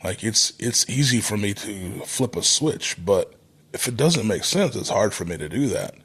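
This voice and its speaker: Measured, deliberate low-voiced man. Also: lively intonation, a bit bright, husky. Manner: measured, deliberate delivery with frequent restarts. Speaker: podcast guest, wrestler. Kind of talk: thoughtful interview talk.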